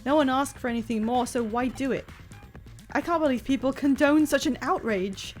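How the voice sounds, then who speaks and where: A woman's voice: sits high, moderate pace, soft background music, lightly acted. A woman reading the lines of a grumpy purist comic fan in an indignant tone. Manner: indignant, scornful.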